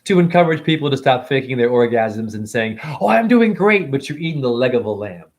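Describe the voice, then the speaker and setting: A man holding a rambling, emotional spiritual monologue as host of his own stream, preaching at times and dropping into hushed whispers. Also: medium pitch, big pitch swings, a little fast. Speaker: livestream host.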